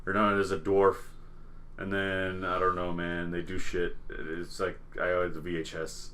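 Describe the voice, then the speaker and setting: Low-pitched, dry-joking podcast guy. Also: monotone, unhurried, a bit bright. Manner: dry, jokey and offhand. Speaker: podcast co-host. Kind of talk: casual podcast chat.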